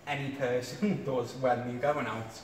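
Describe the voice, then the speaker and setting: A man's voice: mid-range voice, steady tone, measured pace. Jokey interviewer man in an echoey room. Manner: long-winded, jokey questions. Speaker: interviewer, host. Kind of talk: interview questions. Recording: echoey room, distant mic, faint noise.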